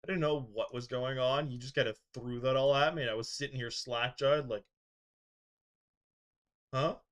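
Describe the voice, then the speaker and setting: A man's voice: medium pitch, steady tone, brisk. A man streaming a game, chatting casually with viewers, laughing often and muttering asides under his breath. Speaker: gaming streamer. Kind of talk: casual gameplay commentary, reading chat.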